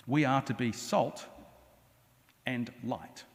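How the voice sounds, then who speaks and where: A man's voice: a little high, normal speed. A man, an Anglican priest preaching a sermon with humorous asides and acted-out questions. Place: cathedral. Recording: long cathedral reverb.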